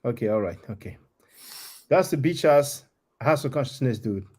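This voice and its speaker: A man hosting a live stream, with a husky, slightly breathy voice at a middling pitch. He talks bluntly and mocks the callers who interrupt him. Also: expressive, moderate pace, a little mellow. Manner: blunt, mocking, confrontational. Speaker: livestream host. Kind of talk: live stream talk with guests.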